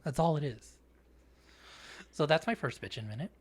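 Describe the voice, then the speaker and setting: Male podcast co-host, slightly high voice, swears freely, animated storyteller. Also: moderate pace, breathy edge. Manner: profane, animated storytelling, acts out quotes. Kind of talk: casual podcast chat.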